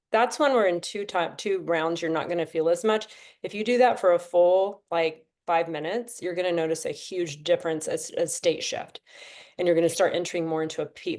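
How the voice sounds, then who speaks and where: Lower-voiced woman guiding breathwork. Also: darkish tone. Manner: chatty, encouraging, talks the class through counts. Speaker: breathwork instructor. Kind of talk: guided breathing class on a video call. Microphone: video call.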